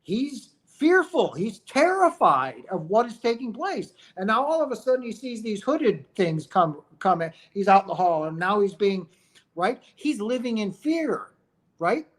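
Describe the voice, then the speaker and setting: A man with a high voice and wide pitch swings speaks at a measured pace while hosting a spiritual livestream about near-death experiences. He's emphatic and preachy, firing off rhetorical questions, often asking "right?" and calling out to "guys."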